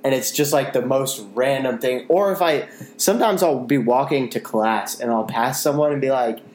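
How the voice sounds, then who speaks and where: A young man, co-host of a casual talk show, chatting in a relaxed, rambling way. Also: mid-range voice, moderate pace. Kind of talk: casual chat. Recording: echoey room with faint hiss.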